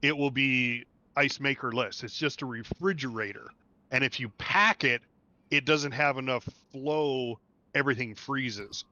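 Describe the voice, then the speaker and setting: A man's voice: medium pitch, a little slow, pushed and bright, dry recording, lo-fi sound. A man hosting a game stream, chatting casually, laughing often and repeating himself. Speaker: stream host. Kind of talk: casual chat while gaming.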